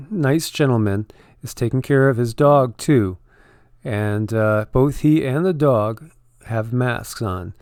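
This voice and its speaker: A man's voice: mid-range voice, gravelly, darkish tone, no echo, studio quality. A man co-hosting an online channel, giving casual, rambling commentary on news figures and filling his talk with "you know" and restarts.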